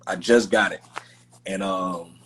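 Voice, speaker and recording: A man's voice: low-pitched, fairly even intonation, slow pace, a bit bright, a little hiss or hum. A man hosting a podcast in casual conversation, talking in an emphatic, heartfelt way with lots of slangy fillers. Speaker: podcast host.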